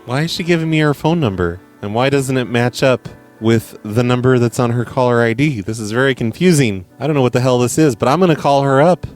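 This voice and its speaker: A man's voice: medium pitch, a little fast, few pauses. Guy hosting a podcast, dry sarcastic cussing, faint music under him. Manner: sarcastic, crude, deadpan. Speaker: podcast host playing voicemails. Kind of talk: casual profane commentary.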